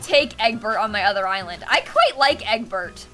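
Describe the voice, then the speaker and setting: Bright-voiced young woman streamer. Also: mid-range voice, expressive, moderate pace, few pauses, faint music behind. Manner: chatty, giggly, pleading and exclaiming at the game. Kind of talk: casual live-stream chat while gaming.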